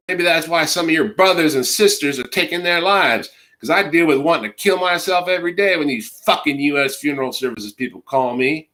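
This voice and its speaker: A man's voice: fairly high pitch, sharp tone. A man in his forties with a cold, streaming an angry, profane, rambling rant to camera. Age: 40s. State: has a cold. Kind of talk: ranting monologue to camera.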